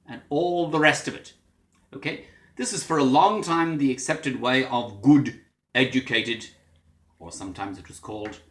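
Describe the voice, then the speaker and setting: A man's voice: mid-range voice, a bit bright, echoey room. A man giving a spoken lesson on English accents, explaining patiently and now and then imitating them in short bits. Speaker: English teacher. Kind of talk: recorded language lesson.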